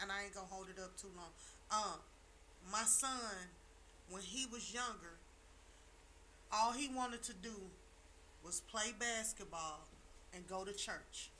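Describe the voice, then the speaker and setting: A middle-aged woman on a talk show with a high, very bright, ringing voice. She drives her points home by repeating them with preaching-style emphasis. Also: a little hiss or hum. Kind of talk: casual chat.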